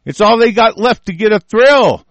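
In an angry solo rant full of profanity, a man acting as a political commentator reacts to the news. His high voice is animated and moves at a moderate pace, captured in lo-fi sound with no room sound.

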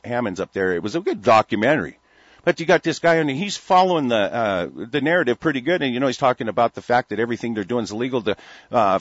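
A man with a mid-range voice, recorded dry and lo-fi with a dull sound, delivers a heated, rambling talk-radio rant. He's American, stammers through restarts, and swears freely.

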